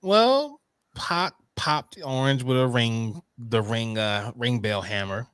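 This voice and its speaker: A man's voice: medium pitch, expressive, takes it slowly, a bit bright, smooth, no echo, studio quality. A man co-hosting a casual wrestling podcast, chatting loosely and breaking into hyped announcer-style bursts. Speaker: podcast co-host.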